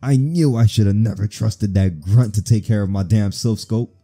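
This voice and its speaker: Man doing flustered male scientist, worried, husky dark voice. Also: fairly low pitch, moderate pace.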